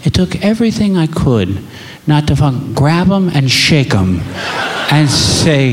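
A man's voice: fairly high pitch, big pitch swings, measured pace, a crowd in the background, background noise. A man doing stand-up comedy, telling stories about his family in an exasperated, profane way. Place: comedy stage with live audience.

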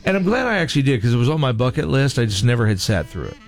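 Lively, chatty male radio host. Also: medium pitch, rapid-fire, faint music behind. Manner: playful, chatty, jokey. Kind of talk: casual radio interview. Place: radio studio.

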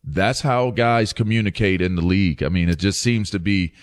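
A man co-hosting a sports talk show, relaxed and joking with casual restarts. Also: sits low, moderate pace. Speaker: sports podcast co-host. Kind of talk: casual chat.

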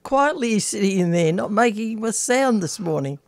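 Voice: medium pitch, lively intonation, normal speed, no echo. A radio co-host, friendly and chatty in casual talkback.

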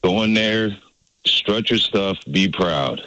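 Blunt, low-voiced radio caller man. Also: slow, no echo, muffled recording. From United States. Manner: blunt, opinionated, deadpan.

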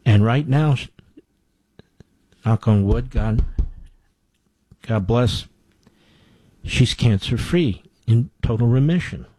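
A man's voice: mid-range voice, expressive, takes it slowly, pauses often, warm tone, slightly rough, no echo. A man hosting a political talk show, delivering an opinionated monologue with indignant, emphatic repetition. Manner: indignant, emphatic, repeats phrases for effect.

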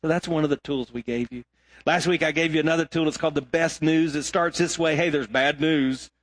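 A middle-aged man preaching a sermon as pastor, emphatic, swinging between loud exhortation and quiet asides. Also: on the high side, fairly even intonation, brisk.

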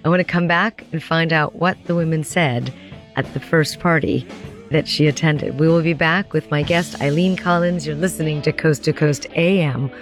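Low-voiced woman hosting a radio show. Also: steady tone, moderate pace, soft background music. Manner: enthusiastic, leads into a break. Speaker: radio talk show host.

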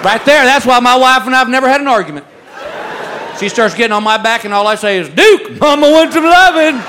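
Deadpan comic man, noisy live crowd. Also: very high-pitched, fast. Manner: dry deadpan storytelling, bits of voices for others. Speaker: stand-up comedian. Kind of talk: stand-up comedy routine. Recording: live club with audience noise. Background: crowd laughter.

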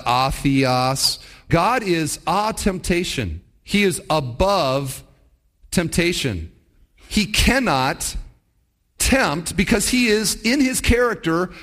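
A man's voice: fairly high pitch, a bit bright. A man preaching a sermon in a conversational way, asking rhetorical questions as he teaches. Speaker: pastor.

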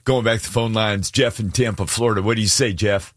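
Male call-in radio host, low voice, dry studio sound, warm and affirming. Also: fairly even intonation, quick pace, no echo. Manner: warm, affirming, introduces callers. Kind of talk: casual radio chat with callers.

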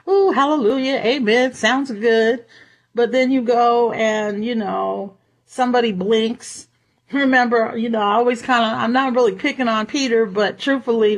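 High-voiced woman preacher, conversational. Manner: lively, conversational, laughs often. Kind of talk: sermon.

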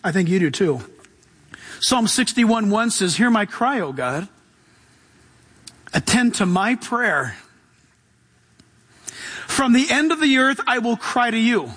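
A male pastor preaching a sermon with animated delivery, acting out voices and swinging between loud and hushed. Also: extremely high pitch, slow, pauses often, husky, in a large hall.

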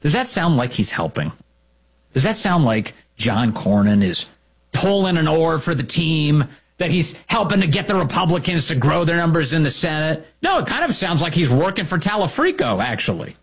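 A male political commentator with a husky voice that sits a little high, swinging his pitch widely as he makes his points. He sounds sarcastic and indignant and hits his key words hard. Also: big pitch swings, moderate pace.

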